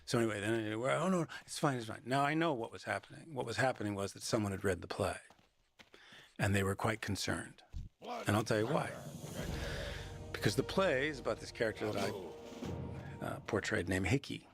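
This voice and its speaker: A man being interviewed as an actor, telling stories in a lively, reflective way. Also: lowish voice, moderate pace, gravelly, long pauses, slightly rough. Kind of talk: reflective conversational storytelling.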